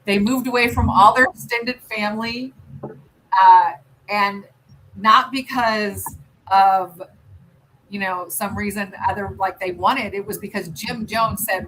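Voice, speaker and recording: Rambling, bright-voiced American woman. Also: mid-range voice, fairly even intonation, slow pace, slight background noise, rough recording. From United States. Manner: rambling and chatty, lots of ums and restarts. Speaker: livestream host. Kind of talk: casual chat while doing nail art.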